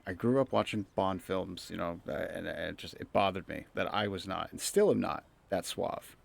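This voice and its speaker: A man's voice: low-pitched, normal speed, gravelly. A young man streaming a strategy game, rambling and swearing in casual joking commentary, laughing often. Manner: rambling, profane, joking asides.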